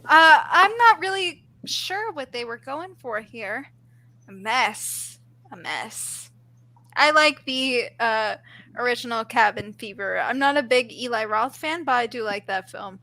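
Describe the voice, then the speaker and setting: A woman hosting a live stream, animated in casual chat, swearing freely and laughing often. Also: on the high side, a little slow, dry recording, rough recording.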